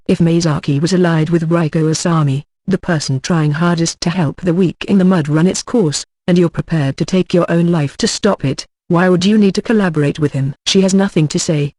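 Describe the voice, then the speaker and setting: A man giving first-person audiobook narration in a steady, even reading voice. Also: a little high, normal speed, dry recording.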